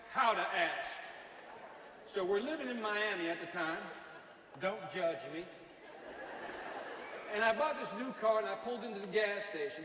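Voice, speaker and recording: A man's voice: high-pitched, slight background noise. A middle-aged man giving a motivational speech, telling stories with jokes. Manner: energetic storytelling with jokes. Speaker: motivational speaker. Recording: echoey hall from far off.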